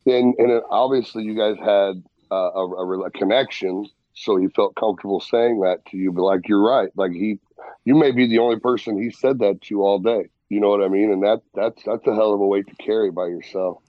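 A man's voice: lowish voice, fairly even intonation, a little fast, no echo, dull audio. A man co-hosting a podcast, talking frankly in casual chat. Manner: frank, calls others bro. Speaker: podcast co-host.

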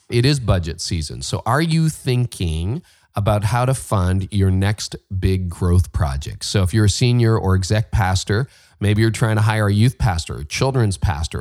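A man's voice: lowish voice, darkish tone, no room sound, studio quality. A middle-aged Canadian man hosting a leadership podcast, reading ads and interviewing a guest with enthusiastic, conversational energy. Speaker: podcast host. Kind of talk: ad reads and interview.

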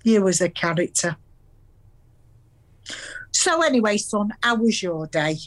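Older Salford grandmother, played by an actress; Salford accent, earthy storyteller, mid-pitched voice. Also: lively intonation, close to an everyday voice. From Salford, England. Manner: storytelling, earthy, quick to laugh. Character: warm chatty Salford grandmother with dementia.

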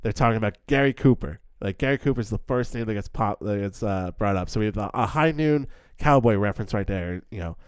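A man's voice: lowish voice, a little fast, hardly any pauses, clear, resonant tone, no echo. A young man co-hosting a film podcast in a casual, chatty way, full of "like" fillers and acted-out lines. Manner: chatty, lots of "like" fillers, acts out character lines. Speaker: podcast co-host.

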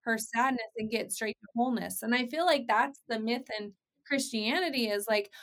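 A woman's voice: on the high side, normal speed, a bit bright. A woman in her forties hosting a podcast, telling stories earnestly and asking questions. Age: 40s. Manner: earnest storytelling, quoting others. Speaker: podcast host. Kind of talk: conversational interview.

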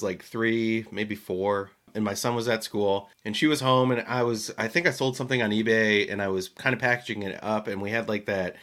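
A man co-hosting a podcast, telling a family anecdote in an animated way, laughing easily and acting out quotes. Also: on the low side. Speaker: podcast co-host. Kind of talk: casual storytelling chat.

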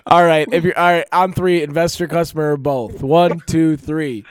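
A man's voice: fairly high pitch, fairly even intonation, normal speed, clean tone, dry recording, studio quality. A man hosting a podcast in casual chat, joking and swearing while he runs the segment. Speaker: podcast host.

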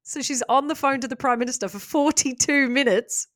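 A woman hosting a casual podcast, retelling a story with lively asides and laughs. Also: high voice, a little fast. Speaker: podcast host.

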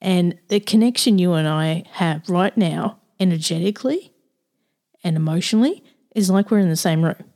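A woman's voice: on the low side, moderate pace, darkish tone. A woman from Australia hosting a casual chat over a video call, bubbly, laughing often and repeating words.

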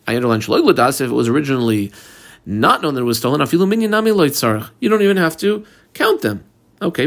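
A man's voice: mid-range voice, creaky. A man teaching a text study lesson, explaining step by step as he reads passages aloud and tells listeners what to mark, mixing casual talk with quoted terms. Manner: mixes casual chat with quoted Aramaic terms. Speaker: Talmud teacher. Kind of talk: daily page study lesson.

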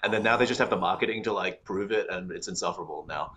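A man's voice: low voice, quick pace, bright, forceful tone. A young man from Singapore with an Australian accent, chatting casually as a podcast guest, laughing often and acting out quotes.

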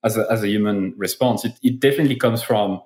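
A man's voice: fairly low pitch, quick pace, a little mellow, echoey room. A man hosting a marketing podcast in casual interview chat, playful and self-deprecating and heavy on fillers. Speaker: podcast host.

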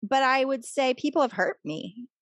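A woman's voice: sits high, moderate pace, no room sound, muffled recording. A middle-aged woman author talking earnestly and openly as a guest in a conversation. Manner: earnest, confessional, animated when telling stories. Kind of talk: conversational interview.

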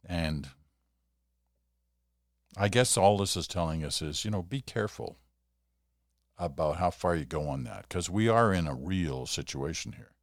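A man's voice: deep voice, animated, a little slow, pauses often, no room sound, studio quality. An older man hosting a solo podcast, chatting in a rambling way with self-deprecating asides. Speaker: podcast host. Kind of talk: casual solo podcast monologue.

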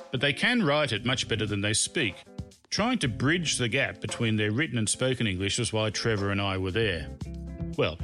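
A man's voice: fairly low pitch, pushed and bright. A middle-aged man, reading a humorous memoir of his own with dry, self-mocking wit. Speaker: memoir narrator. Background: background music.

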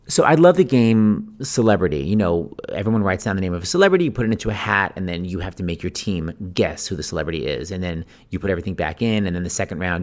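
Animated man hosting a podcast. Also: deep voice. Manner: animated, acts out quoted voices with big exclamations. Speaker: podcast host. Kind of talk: chatty anecdotal storytelling.

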